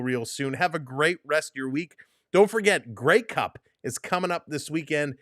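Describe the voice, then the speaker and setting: A man hosting a live hockey watch-along, giving energetic play-by-play and a recap and laughing often. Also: fairly high pitch, dry recording, studio quality.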